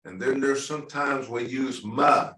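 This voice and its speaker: A man's voice: mid-range voice, unhurried, bright, forceful tone. A man teaching a language class, patiently repeating words and asking students to say them back. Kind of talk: online language class instruction. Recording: echoey, distant mic with noise.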